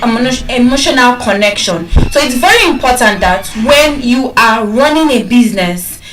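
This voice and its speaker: Nigerian woman giving a lively talk, fairly high voice, echoey hall heard from far off. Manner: animated storytelling, acting out calls. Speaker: public speaker. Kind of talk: motivational speech.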